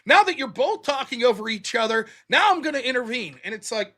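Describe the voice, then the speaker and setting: Lively high-voiced man recapping a debate. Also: brisk, hardly any pauses. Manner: animated, mocking, quotes opponents in put-on voices. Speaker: debater and show host.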